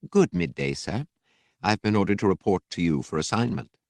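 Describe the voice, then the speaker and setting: A man's voice: lowish voice, expressive, brisk, dry recording, pitched above the performer's own voice. A man voicing a male librarian droid with a posh, clipped manner that sounds faintly disapproving. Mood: prim, polite.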